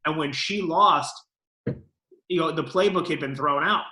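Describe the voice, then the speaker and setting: A man's voice: on the high side, measured pace, bright, forceful tone, echoey room, poor audio. A man co-hosting a political talk show, giving emphatic, lawyerly commentary.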